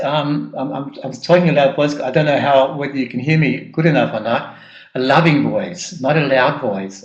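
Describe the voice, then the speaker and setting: A man leading a personal growth workshop, speaking haltingly with repeated words and frequent ums. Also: mid-range voice, dull audio. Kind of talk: live workshop teaching. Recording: echoey room.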